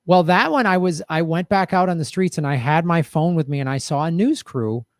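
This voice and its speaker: Animated high-voiced man telling a story. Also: a little fast, dry recording, clean studio sound. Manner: animated storytelling, quotes others. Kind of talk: casual podcast chat.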